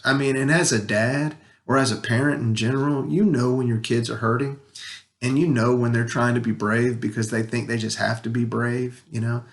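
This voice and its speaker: A man sharing a heartfelt personal story about his son and his faith, talking earnestly with pauses and restarts, at times emotional. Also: medium pitch, vocal fry. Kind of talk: personal spiritual reflection to camera.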